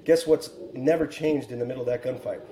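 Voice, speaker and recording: A man's voice: medium pitch, fast, roomy sound, noisy background. A man in his forties, a military pilot guest, telling a war story in an earnest, reflective way on a podcast. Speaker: guest, Air Force helicopter pilot and author.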